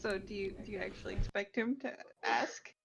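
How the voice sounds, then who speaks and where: A woman playing a tabletop game, speaking softly and hesitantly. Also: medium pitch, steady tone, a little fast. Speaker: player. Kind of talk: casual game chat. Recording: noisy creaky mic.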